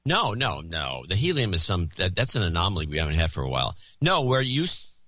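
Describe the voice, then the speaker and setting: A man's voice: sits low, wildly swooping pitch, fairly quick, pushed and bright, dry recording. A man co-hosting a podcast, reading donor credits in casual banter with a dry manner. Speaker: podcast co-host.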